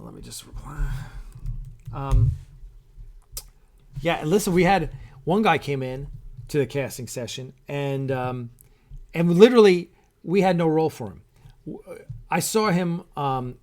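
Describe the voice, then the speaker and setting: A middle-aged man hosts a casual live stream, chatting loosely and reading out viewer comments. He rambles, piling up fillers and false starts, and pauses now and then to sip his coffee. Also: medium pitch, a little mellow. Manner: rambling, with many fillers and restarts. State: sipping coffee while talking. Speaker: show host and producer.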